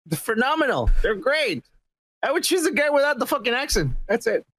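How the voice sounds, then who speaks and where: Lively, teasing podcast co-host man. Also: extremely high pitch, a little fast, husky. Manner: laughing, teasing, profane. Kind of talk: casual podcast chat.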